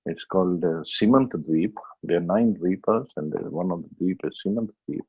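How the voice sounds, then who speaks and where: A man giving a devotional scripture class, telling a story plainly with many pauses and restarts. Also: low voice, warm tone, slightly rough, highs cut off.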